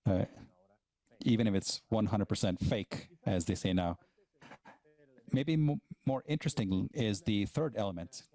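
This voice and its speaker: A man giving a plenary conference talk, speaking in a halting way with frequent restarts. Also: fairly low pitch, dark tone, no echo.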